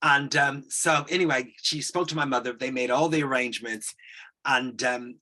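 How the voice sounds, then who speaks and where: A man in his sixties, a guest telling a long personal story, animated and acting out the voices in it. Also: mid-range voice, moderate pace. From United States. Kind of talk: anecdotal storytelling.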